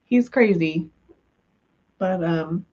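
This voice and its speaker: A woman's voice: lowish voice, very slow, a little mellow, highs cut off. A woman from the US West Coast chatting casually with viewers on a livestream, giggly and full of fillers, just over being sick. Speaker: livestream host.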